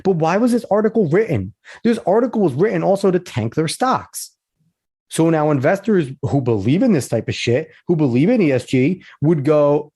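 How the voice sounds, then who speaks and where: Man, podcast host, reads news aloud, profane sarcastic rants, slightly higher voice. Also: animated, moderate pace, a little mellow. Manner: blunt, profane, sarcastic ranting. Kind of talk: commentary reading and reacting to a news article.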